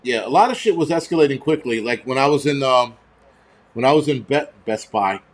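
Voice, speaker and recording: A man's voice: mid-range voice, animated, fairly quick. A man, hosting a prepper channel and telling stories in a heated, profane, rambling rant. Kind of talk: casual ranting monologue.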